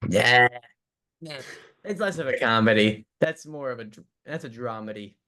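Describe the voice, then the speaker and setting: A man's voice: medium pitch, normal speed, bright, forceful tone. A young man co-hosting a podcast over a remote call, chatting casually and teasing playfully. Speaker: podcast co-host. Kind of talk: casual chat.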